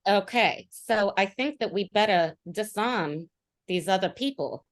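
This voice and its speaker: Woman player, video call, slow and hesitant, lots of "um". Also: mid-range voice, animated. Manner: hesitant, full of fillers. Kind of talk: casual tabletop game play.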